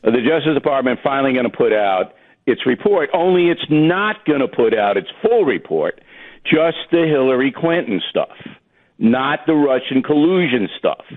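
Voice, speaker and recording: A man's voice: medium pitch, very animated, moderate pace. Opinionated guy on a talk radio phone-in, blunt and punchy, tinny phone sound. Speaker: political commentator guest.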